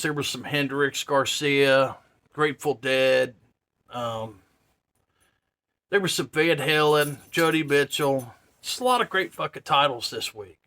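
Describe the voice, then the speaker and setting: A man in his fifties telling a story casually to camera, swearing often and laughing. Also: medium pitch. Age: 50s. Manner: profane, laughing, animated. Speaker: vlogger.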